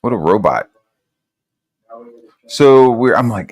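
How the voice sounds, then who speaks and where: A man with a fairly low voice telling a story in a loose, rambling way. He swears freely and fills his talk with casual fillers. His voice sounds dry and close. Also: lively intonation, normal speed, no echo. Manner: rambling, profane, lots of fillers.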